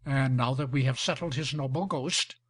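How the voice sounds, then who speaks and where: A man reading the part of a scheming older marquis with gout, speaking in an ironic, flattering way. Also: medium pitch, normal speed, pitched below the performer's own voice, natural voice. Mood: wry. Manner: ironic, flattering, smooth talker.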